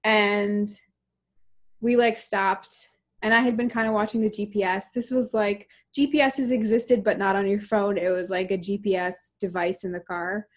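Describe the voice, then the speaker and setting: A woman in her thirties from Canada, chatting casually on a call. She tells stories with plenty of laughter and some swearing, at a middling pitch. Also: steady tone, moderate pace. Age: 30s. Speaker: podcast co-host. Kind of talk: casual chat. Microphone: remote call recording.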